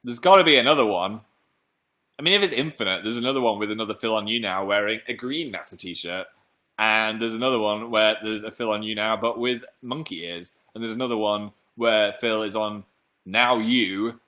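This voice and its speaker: A man's voice: lowish voice, bright, forceful tone. A young man from England hosting a casual live stream, rambling playfully and reading out viewer comments. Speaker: livestream host. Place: home room.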